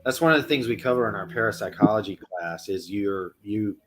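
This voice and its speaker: Guy cohost, lowish voice, rambly casual talk, restarts a lot. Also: animated, a little fast, a crowd in the background. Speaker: podcast co-host. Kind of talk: casual chat.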